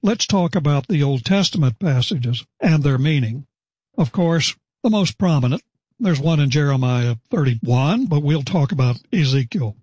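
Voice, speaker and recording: Male preacher, husky tone, dry close sound, measured sermon delivery with emphatic quotes. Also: on the high side, animated, a little mellow, dry recording. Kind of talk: expository sermon.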